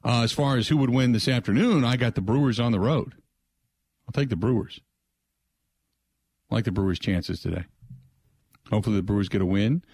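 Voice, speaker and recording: A man's voice: medium pitch, brisk, long pauses, a little mellow, slightly rough, dry recording. An older man hosting a sports talk radio show, talking in a loose, rambling, conversational way and repeating the call-in number. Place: radio studio. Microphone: close studio mic.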